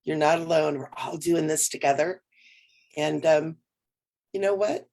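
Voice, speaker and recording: A woman co-hosting a casual spiritual livestream from home, relaxed and rambling with soft laughs, sounding a little tired. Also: sits low, unhurried. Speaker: co-host.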